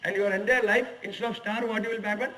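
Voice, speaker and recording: A man's voice: high-pitched, fairly even intonation, quick pace, bright, forceful tone, recorded from a distance, slight background noise, poor audio. A man in his forties with an Indian English accent, giving a lecture to management students and asking them emphatic rhetorical questions. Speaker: HR executive giving a guest lecture. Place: lecture hall at a management institute.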